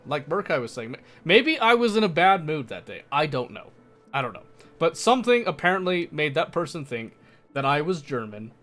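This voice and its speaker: A man's voice: on the high side, fairly bright tone. A young American man chatting casually on a livestream, laughing often and answering chat. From United States.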